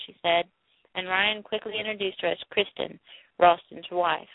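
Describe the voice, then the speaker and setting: A woman's voice: lowish voice, fairly even intonation, normal speed, vocal fry, no room sound. Woman reading a novel over a tinny line. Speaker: audiobook narrator. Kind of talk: novel reading with light character voices. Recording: dry, tinny phone-like sound.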